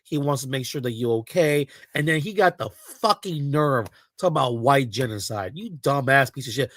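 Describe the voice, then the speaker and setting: A man's voice: mid-range voice, lively intonation, moderate pace, few pauses, a bit bright, no room sound, clean studio sound. A man hosting a livestream, ranting heatedly and profanely, talking back to his chat. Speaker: livestream host.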